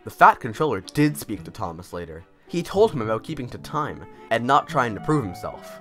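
A man narrating a storybook tale in a measured, lively storytelling manner. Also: mid-range voice. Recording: music playing behind.

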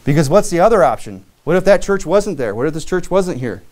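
A man preaching from the pulpit in a voice pitched a little high. He is lively and full of asides, and he acts out what people say. He grew up in Michigan. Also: a little fast. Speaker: pastor. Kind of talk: sermon.

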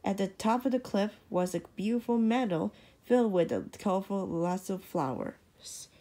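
A woman reading a children's storybook aloud, halting and restarting as she reads. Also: medium pitch, mellow. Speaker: storybook reader.

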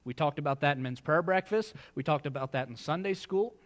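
Pastor guy preaching in church, chatty, cracks jokes with the folks, voice sits a bit high. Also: a little fast. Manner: conversational, joking asides to the congregation. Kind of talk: sermon. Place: church sanctuary.

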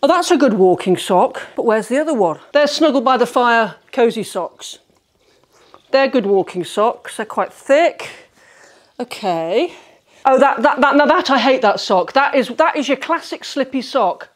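A middle-aged woman talks her way through a declutter vlog in her bedroom, her voice high and full of swooping ups and downs. She is chatty and exclamatory, and she pokes fun at herself as she goes. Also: expressive, a little slow. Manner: chatty, exclamatory, self-mocking. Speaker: home organising vlogger. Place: bedroom, sorting socks on a bed.

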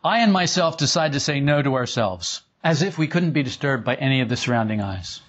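A man's voice: mid-range voice, expressive, fairly quick, a bit bright. A man teaching a group in an informal spiritual talk, conversational and chuckling often. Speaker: esoteric teacher. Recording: dull lo-fi recording.

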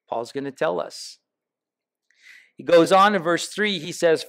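A man's voice: on the high side, unhurried, vocal fry, pauses often, fairly bright tone. A man preaching a sermon as pastor in a church, building emphatic lists and asking the congregation questions. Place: church sanctuary.

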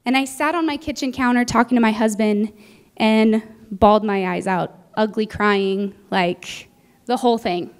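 Woman preacher, high voice, earnest personal storytelling, sunday sermon in church. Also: steady tone, moderate pace, clean tone. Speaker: guest preacher. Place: church sanctuary.

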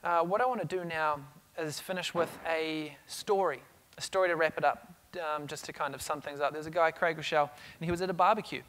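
A middle-aged man delivers a keynote to a conference crowd. His voice sits slightly high for a man, and he tells stories with energy, often doubling back on his words. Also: brisk. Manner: energetic storytelling with frequent restarts. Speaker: conference speaker. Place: conference stage.

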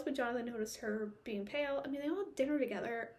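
Ranting woman with a high voice. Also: fast, darkish tone. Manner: exasperated, ranting, full of rhetorical questions. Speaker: book vlogger. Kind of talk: casual book recap.

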